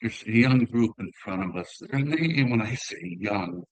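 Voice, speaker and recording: An older man from northern Minnesota with an Upper Midwest accent, a former hockey player telling relaxed, rambling stories in an interview. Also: mid-range voice, moderate pace, no room sound, rough recording. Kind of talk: casual conversational storytelling.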